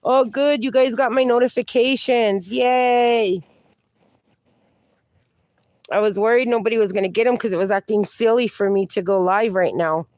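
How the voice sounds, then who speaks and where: A woman's voice: fairly high pitch, normal speed, a little mellow, no room sound. A woman livestreaming in a casual, chatty way, reading viewer comments aloud and calling viewers darling. She is in some pain and sounds slightly strained. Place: outdoors.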